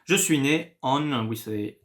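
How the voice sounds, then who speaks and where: A man's voice: mid-range voice, measured pace. French-accented man teaching a lesson. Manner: lively, encouraging, switches between French and English. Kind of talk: explaining a language lesson in English.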